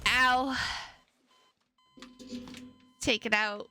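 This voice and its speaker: Bright, slow-talking young woman streamer. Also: a little high, steady tone, clean tone, no echo, faint music behind. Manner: rambling, playful, repeats words, yawns. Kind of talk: casual chat with stream viewers.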